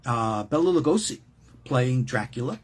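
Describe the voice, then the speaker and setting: A man's voice: mid-range voice, normal speed. An older man hosting a show, chatting casually and joking around, often repeating words as he gets going. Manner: playful, jokey, repeats words when excited. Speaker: host.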